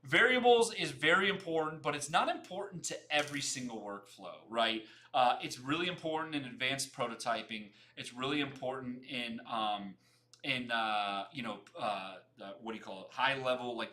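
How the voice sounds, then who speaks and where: A young man hosting a casual livestream, talking fast, repeating himself and greeting viewers by name as he chats. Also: mid-range voice, sharp tone. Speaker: livestream host.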